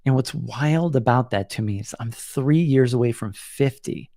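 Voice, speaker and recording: A man's voice: mid-range voice, normal speed, warm tone, no room sound, studio quality. A man in his forties hosting a solo podcast, talking in an earnest, reflective way and often restarting his sentences. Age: 40s. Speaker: podcast host.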